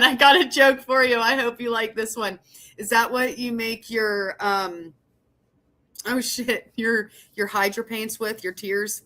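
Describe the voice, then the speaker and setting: A woman's voice: a little high, steady tone, unhurried, pushed and bright. A young woman hosting a casual livestream, chatting with her viewers, laughing often and swearing as she rambles. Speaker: livestream host.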